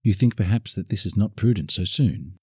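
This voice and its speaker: A man's voice: lowish voice, animated, fairly quick, a little mellow, husky, dry recording, studio quality, voice pushed up. A man voicing a seductive, mocking French woman dancer with a French accent. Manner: insolent, teasing, mocking.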